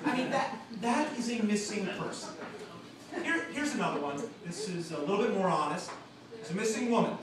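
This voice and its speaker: A man doing an open mic stand-up set in a small supper club, with a punchy delivery and sudden loud outbursts. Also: sits high, sing-song, normal speed, crowd noise. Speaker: stand-up comedian. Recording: distant, echoey club recording with room noise. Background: audience laughter and club ambience.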